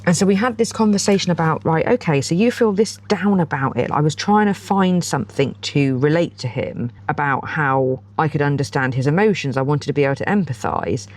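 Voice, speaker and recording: Brisk and barely pausing, this forties-aged podcast co-host speaks in a low, slightly mellow voice with lively intonation. She's a chatty storyteller who performs the quoted lines in her casual conversation.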